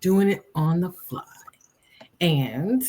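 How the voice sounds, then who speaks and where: A woman's voice: on the low side, expressive, slow, mellow, slight background noise. A tired woman co-hosting a casual podcast, chatty and a bit scattered while she sorts out her computer. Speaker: podcast co-host.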